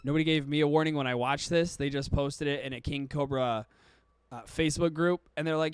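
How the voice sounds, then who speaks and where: A man's voice: on the high side, steady tone, a little fast, smooth, no echo. A male podcast host giving casual streamed commentary, with profane, exaggerated ranting.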